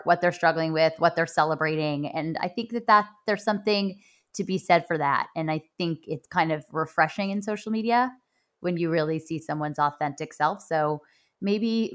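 A woman's voice: on the low side, fairly bright tone. A woman hosting an interview, curious and affirming, hedging her points as she thinks aloud. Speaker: interview host. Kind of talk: interview questions and chat.

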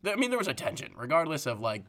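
A man's voice: fairly high pitch, sing-song, quick pace, fairly bright tone. A young man co-hosting a podcast in casual chat, joking and swearing casually as he chimes in. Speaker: podcast co-host.

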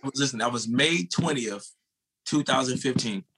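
Speaking at an ordinary pace in a mid-range voice, an American man in his thirties relives a race from his sprinting days, over some background noise. He's animated and casual, cursing and calling the host bro.

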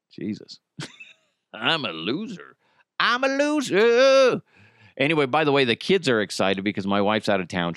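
A man's voice: mid-range voice, fairly bright tone, no echo, studio quality. A man hosting a solo comedy podcast, rambling and self-deprecating, with frequent swearing. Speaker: podcast host.

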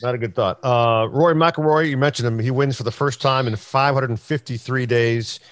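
A middle-aged man hosting a casual golf talk show, spinning an animated story full of quoted voices and filler words. His voice sits mid-range for a man and is recorded close and dry, with no room sound. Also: mid-range voice, moderate pace, no room sound. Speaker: host.

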